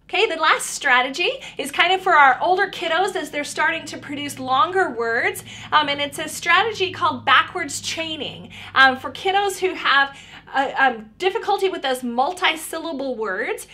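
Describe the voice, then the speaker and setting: A woman's voice: high voice, animated, moderate pace, sharp tone. A woman speech therapist giving parents practical tips in a friendly, conversational way, often restarting her sentences.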